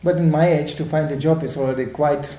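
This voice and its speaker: Animated older man lecturing in an echoey room. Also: fairly high pitch, fairly quick. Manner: animated storytelling, acting out voices in quotes. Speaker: spiritual teacher.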